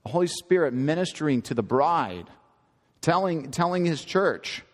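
A man's voice: on the high side, lively intonation, moderate pace, long reverb tail. A man preaching a sermon in an earnest, emphatic teaching manner, often repeating and correcting himself.

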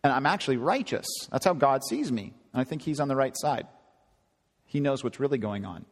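A man preaching a conversational sermon, often climbing higher in pitch for emphasis. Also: brisk. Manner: conversational, animated, rising to high emphasis. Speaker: pastor. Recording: long hall reverb.

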